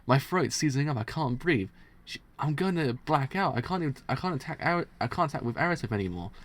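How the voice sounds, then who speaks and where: A man's voice: medium pitch, animated, a little fast. A man reading aloud the lines of a panicked young male gang member from a manga, in a near-ordinary voice.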